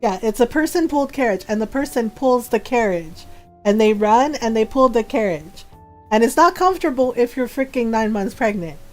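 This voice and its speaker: A middle-aged woman from the Philippines, a gaming streamer telling stories in casual chat, animated and laughing often. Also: a little high, moderate pace, faint music behind.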